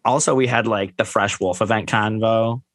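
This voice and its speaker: A man's voice: lowish voice, fairly even intonation, moderate pace, fairly bright tone, no echo. A man co-hosting a podcast, chatting in a bubbly, gossipy way with lots of fillers. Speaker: podcast co-host. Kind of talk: casual chat.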